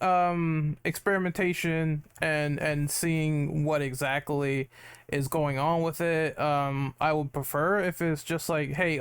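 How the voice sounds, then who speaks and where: An upbeat man hosts a casual gaming podcast, rambling cheerfully through his thoughts. His voice sits a little high and sounds smooth and clear. The sound is dry and close. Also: dry recording. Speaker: podcast host.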